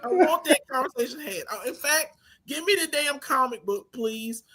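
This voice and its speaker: A man co-hosting a casual movie review podcast, ranting animatedly with big swings from loud to quiet. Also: very high-pitched, expressive, normal speed. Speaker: podcast co-host.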